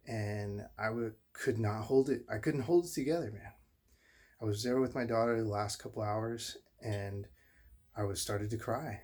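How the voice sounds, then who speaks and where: A middle-aged man, a father, telling viewers a painful personal story in a halting, earnest way, often repeating himself. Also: fairly low pitch, husky. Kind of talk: emotional personal monologue to viewers.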